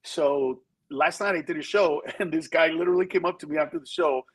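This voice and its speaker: A man, a comedian, chatting by phone as a guest and telling stories with lively switches into mocking voices. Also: fairly high pitch, a little fast, breathy edge, low-quality recording. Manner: animated storytelling, shifts into mocking voices. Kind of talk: casual phone-in chat. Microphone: phone over Bluetooth.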